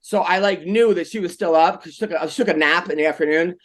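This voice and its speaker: A man hosting a podcast, telling a story in a lively, animated way. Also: fairly high pitch, fast. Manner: animated storyteller, jumps into voices. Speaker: podcast host. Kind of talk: casual chat.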